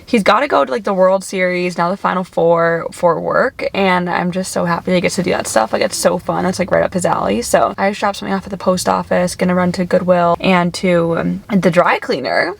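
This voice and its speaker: A woman's voice: on the low side, fairly even intonation, brisk, creaky, hardly any pauses. A woman in her twenties chatting casually to camera as a lifestyle vlogger, saying "like" a lot and laughing often. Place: home closet, later her car.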